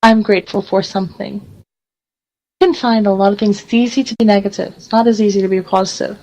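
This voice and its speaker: A woman's voice: medium pitch, fast, dull audio. A woman hosting a radio talk show, chatting casually and acting out little quoted scenes with frequent laughs. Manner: animated storyteller, acts out quotes, laughs often. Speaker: radio host.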